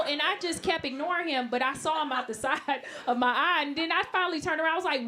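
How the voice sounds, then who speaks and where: A woman doing a brash, animated stand-up set in a live club, laughing at her own jokes. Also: high voice, a little fast, few pauses. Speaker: stand-up comedian. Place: live comedy club, New York. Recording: loud noise on a live club recording.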